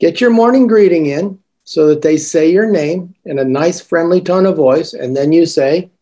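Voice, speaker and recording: A man's voice: on the high side, moderate pace, hardly any pauses, warm tone. A man acting as a teaching coach, explaining classroom routines and modeling greetings with sing-song emphasis. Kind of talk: coaching talk.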